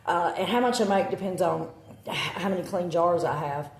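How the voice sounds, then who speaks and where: A Southern woman with a lowish voice talks casually into her phone, rambling with many ums and uhs and correcting herself as she goes. The sound bounces around an echoey room. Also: moderate pace. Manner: rambling, filler-heavy, self-correcting. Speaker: witch vlogger. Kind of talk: casual chat to camera. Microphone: phone camera.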